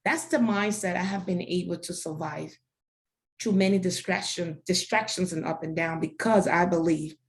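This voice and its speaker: A woman's voice: on the low side, normal speed. Earnest African-born woman founder. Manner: earnest, declarative, preacher-like repetition. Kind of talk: interview answers, faith testimony.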